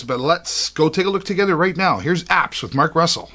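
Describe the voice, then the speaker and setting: A man's voice: fairly high pitch, expressive, a little fast, bright, forceful tone. A man hosting a local community TV show in a chatty, upbeat way, often saying "all right" and "uh".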